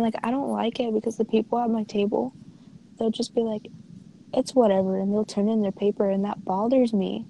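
A teenage girl in casual chat, talking fast about school with constant fillers and little acted quotes. Her voice is on the higher side, with a soft, mellow tone and a gravelly fry. A faint hiss of noise sits behind her. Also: low-quality recording. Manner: chatty, quick, fillers and quoted reactions. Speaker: student.

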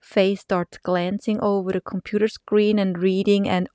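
A middle-aged woman hosting a podcast, telling a personal story expressively, laughing often and dropping to hushed whispers. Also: mid-range voice, level tone, unhurried, few pauses, clear, resonant tone, dry recording, clean studio sound. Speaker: podcast host.

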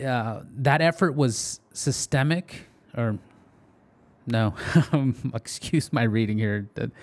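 A man's voice: medium pitch, a little mellow. A man hosting a podcast in a casual monologue, reading articles aloud, tripping over words and correcting himself. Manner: chatty, reads articles aloud and stumbles on words. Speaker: podcast host.

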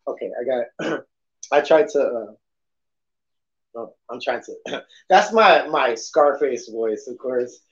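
A man's voice: medium pitch, expressive, slow pace, pauses often. Lisping man rambling on a podcast. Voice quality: lisp. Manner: rambling, with frequent restarts and swearing. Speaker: podcast host. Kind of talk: casual rambling monologue. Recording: dull lo-fi podcast audio.

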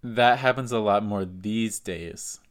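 Relaxed, matter-of-fact male co-host. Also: fairly low pitch, slow pace. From Canada. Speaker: podcast co-host. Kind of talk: casual chat.

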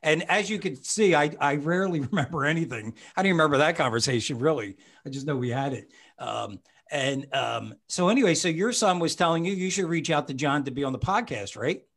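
A man's voice: fairly high pitch, a little fast, a bit bright. A man hosting a podcast as a psychic medium, talking in a rambling, chatty way and often correcting himself. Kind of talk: casual conversation.

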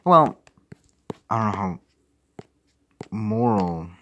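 A man's voice: fairly low pitch, animated, extremely slow, sharp tone, a little hiss or hum. A young man rambling casually and profanely on a livestream, with mumbled asides. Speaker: streamer.

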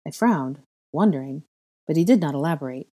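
A woman's voice: low-pitched, animated, fairly quick, dark tone. A woman expressively reading a story aloud as narrator. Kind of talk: fan fiction reading.

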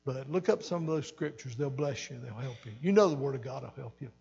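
A man's voice: mid-range voice, quick pace, vocal fry, warm tone, slightly rough, muffled recording. An older man pastor preaching an earnest sermon, repeating phrases for emphasis, recorded in a church hall. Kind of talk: sermon teaching. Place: church sanctuary.

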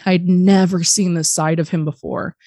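A woman's voice: fairly low pitch, moderate pace, dry recording, clean studio sound. A young adult woman telling a story as a podcast guest, blunt and swearing freely, acting out the voices of people she quotes. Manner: blunt, animated, acts out quoted dialogue. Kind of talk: candid storytelling, lots of swearing.

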